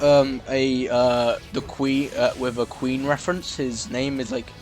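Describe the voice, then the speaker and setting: A young man co-hosting a casual podcast, rambling and halting through long recaps with lots of fillers. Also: mid-range voice, faint music behind. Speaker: podcast co-host. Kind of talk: casual chat.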